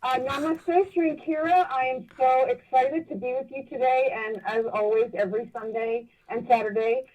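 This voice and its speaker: A woman's voice: high voice, fairly even intonation, normal speed, hardly any pauses, darkish tone. A woman calling in to a radio show, gushing and grateful, a little hesitant. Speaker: caller. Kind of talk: caller on talk radio. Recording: phone line, distant.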